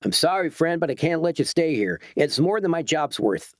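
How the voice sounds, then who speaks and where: A man's voice: fairly high pitch, very animated, moderate pace, no room sound, clean studio sound, voice pushed up. A man doing a wary hospital security guard. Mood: suspicious. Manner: suspicious, grudging.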